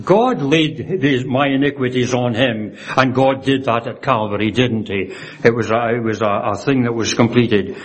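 A man delivering a sermon in an earnest, reverent voice of middling pitch. He quotes scripture slowly and often caps his points with a little tag question. His phrasing stumbles and restarts as he thinks aloud. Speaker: preacher.

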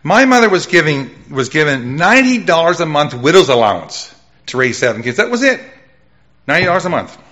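A middle-aged man preaching his life testimony with a loud voice, telling his story with lively jumps in pitch. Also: a little fast. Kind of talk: testimony sermon.

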